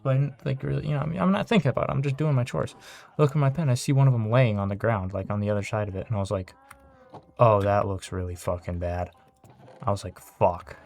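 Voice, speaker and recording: A man's voice: mid-range voice, vocal fry, a little mellow. A young man telling a casual story in a rambling way, with lots of fillers and swearing, still shaken and upset. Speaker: vlogger.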